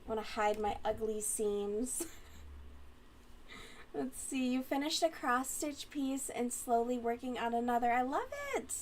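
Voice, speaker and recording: A woman's voice: fairly high pitch, slow pace, slight background noise. A woman hosting a crochet livestream, chatting casually and rambling as she reads comments aloud, often giggling.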